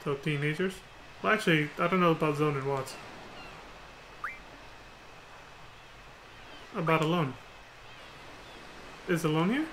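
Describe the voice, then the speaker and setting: A man's voice: on the high side, fairly quick, fairly bright tone, a little hiss or hum, lightly acted, poor audio. A man voicing a reserved young male mercenary from a video game in short, subdued lines. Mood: curious.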